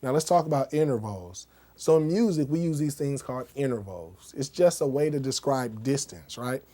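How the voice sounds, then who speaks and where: Man, music teacher, casual lesson, mellow tone, chatty check-ins. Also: mid-range voice, lively intonation, moderate pace. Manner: conversational, keeps checking in with "okay?" and "right?"; demonstrates on a keyboard while explaining.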